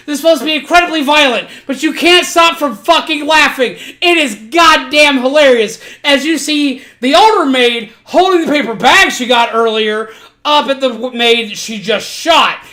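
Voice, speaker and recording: High-voiced woman streamer, profane storyteller. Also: a bit bright. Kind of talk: casual retelling of an anime plot.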